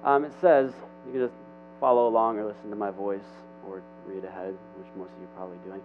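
A man's voice: on the low side, flat delivery. Young male youth speaker, informal sermon, rambling restarts; thin phone-like sound. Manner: chatty, halting, with many restarts and asides. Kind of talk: casual sermon. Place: church hall with an audience. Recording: tinny phone-like recording with hum.

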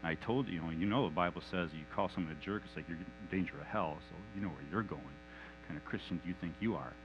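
A man voicing Satan as a whispering, contemptuous male accuser spirit, low and hushed, in a whispered role-play. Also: quick pace, lo-fi sound, over music, natural voice. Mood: sneering.

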